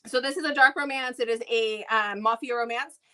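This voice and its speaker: A woman's voice: fairly high pitch, fairly even intonation, fairly quick, sharp tone. An American woman co-hosting a book review stream, chatting eagerly about audiobooks with plenty of fillers. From United States. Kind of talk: casual chat. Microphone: live stream mic.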